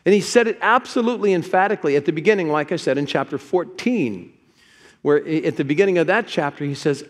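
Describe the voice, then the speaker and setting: A man preaching a sermon as a pastor, conversational in tone and growing animated as he quotes scripture. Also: on the high side, brisk. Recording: echoey hall with long reverb.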